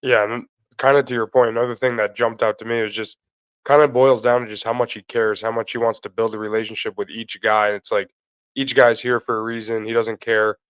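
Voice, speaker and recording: Flat, smooth-voiced man in dry sports chat. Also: medium pitch, brisk, no echo, poor audio. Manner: relaxed, conversational, many fillers like "kinda" and "I mean". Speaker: sports podcast co-host. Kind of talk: casual sports talk.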